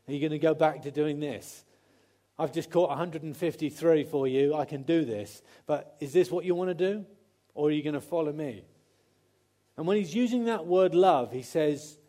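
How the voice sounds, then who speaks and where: Mellow-voiced man preaching a sermon. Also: a little high, moderate pace. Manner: conversational, with restarts and acted-out quotes.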